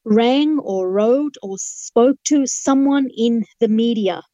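A woman's voice: on the high side, slow, mellow, no echo, dull audio. Earnest woman telling a testimony. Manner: earnest, vivid storyteller who acts out dialogue. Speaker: human rights lawyer, guest. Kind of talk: testimony storytelling in an interview.

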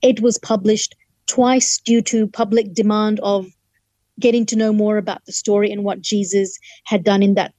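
This mid-range, mellow female voice keeps a level tone at a moderate pace, recorded dry. The speaker, a woman from Fiji who works as a human rights lawyer, tells her faith testimony as an interview guest, an earnest and vivid storyteller who acts out the dialogue.

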